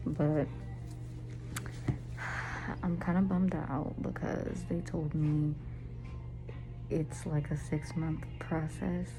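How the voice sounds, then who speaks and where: A woman's voice: deep voice, poor audio. A young woman vlogging in a casual, chatty way, full of "like" and "y'all", with a nervous edge at times. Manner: chatty and informal, lots of "like" and "y'all". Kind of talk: casual chat. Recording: loud road and car noise.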